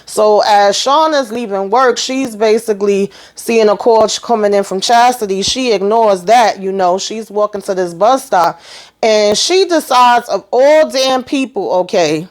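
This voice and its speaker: Speaking at a measured pace in a medium-pitched voice, a woman who hosts TV recaps runs through an episode casually and emphatically. She tags her lines with "you know" and "okay" and performs the characters' dialogue.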